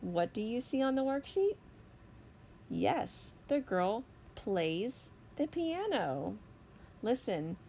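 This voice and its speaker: Slow, deliberate woman teaching phonics. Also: a little high, very animated, gravelly, mellow, a little hiss or hum. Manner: slow, deliberate, stretching out sounds. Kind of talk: phonics lesson for young children. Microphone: recorded voice-over for a whiteboard lesson video.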